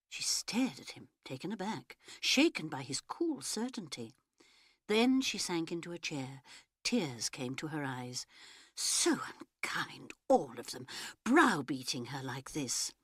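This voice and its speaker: A woman reading a novel aloud as an audiobook narrator, measured and expressive. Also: sits low, no room sound, studio quality.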